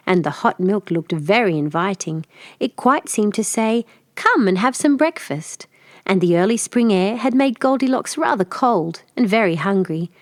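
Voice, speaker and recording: A woman reading a fairy tale aloud in clear, measured storybook narration for learners. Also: mid-range voice, darkish tone, dry recording, studio quality.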